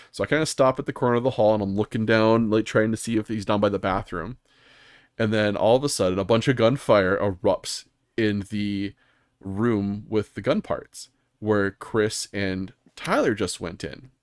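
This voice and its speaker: A man's voice: on the low side, normal speed, clear, resonant tone, dry recording, studio quality. A man hosting a casual gaming podcast, telling stories in a rambling way with many ums and restarts. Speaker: podcast host.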